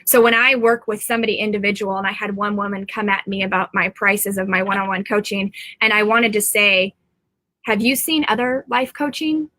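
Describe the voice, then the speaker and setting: A middle-aged woman talks straight to her viewers in a loose, rambling live stream from home. Her voice is bright and sharp, and it sits dry and close with almost no room sound. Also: medium pitch, level tone, brisk, few pauses, no echo. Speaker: psychic medium.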